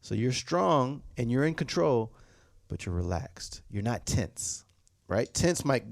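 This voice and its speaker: A man's voice: medium pitch, sing-song, takes it slowly, gravelly. A man teaching drum technique, patiently repeating points and singing rhythms as "da, da". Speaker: drum instructor. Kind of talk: instructional demonstration. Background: snare drum playing.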